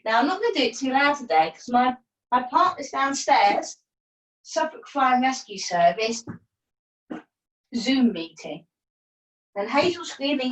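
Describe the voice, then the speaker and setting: A woman's voice: on the high side, a little slow, long pauses. Woman leading a yoga class. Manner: calm breath cues with playful asides. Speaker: yoga instructor. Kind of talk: guided yoga class cues. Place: at home, partner downstairs. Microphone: video call. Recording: roomy, distant from the mic.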